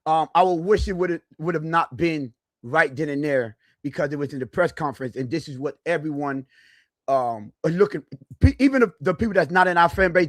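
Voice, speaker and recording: A man hosting a sports podcast, talking casually and haltingly with frequent restarts. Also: on the high side, no echo, clean studio sound. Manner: halting, hesitant, restarts often. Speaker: podcast host.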